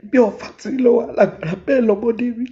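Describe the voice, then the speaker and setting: A woman's voice: on the high side, very fast, mellow. A Nigerian comedian, a woman, giving a tearful, pleading video statement, switching between Yoruba and English. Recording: dull lo-fi audio.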